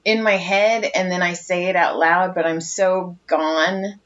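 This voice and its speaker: A woman's voice: on the low side, fairly even intonation, a little slow, crowd noise. A woman co-hosting a casual podcast, telling chatty stories and laughing at her own jokes. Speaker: podcast co-host. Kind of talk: casual chat. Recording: dull lo-fi sound with faint noise.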